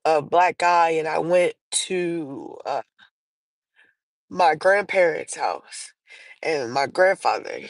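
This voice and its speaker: A woman's voice: lowish voice, no echo, rough recording. A woman hosting a livestream, telling personal stories in a casual, rambling way, full of fillers and restarts. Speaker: livestream host. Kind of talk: casual storytelling chat.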